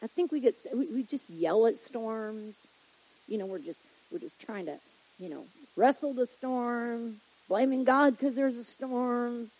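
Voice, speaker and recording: Husky, joking woman preacher. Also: a little high, a little slow, darkish tone, rough recording. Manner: chatty, joking, with frequent asides to the congregation. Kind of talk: humorous sermon.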